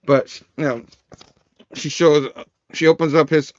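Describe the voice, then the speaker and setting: A man with a fairly high voice casually runs through a comic book's plot, jumping into the characters' lines with lively voice changes and laughing along the way. The sound is dry and close, with a dull, lo-fi tone. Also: dry recording. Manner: animated, acts out characters' lines with quick voice shifts and laughs. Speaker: comic book reviewer. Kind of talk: casual chat recapping a comic.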